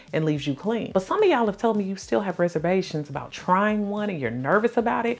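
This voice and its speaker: A woman in her thirties, a lifestyle vlogger talking straight to her viewers in a chatty, playful and emphatic way. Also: mid-range voice. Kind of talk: casual direct-to-camera vlog.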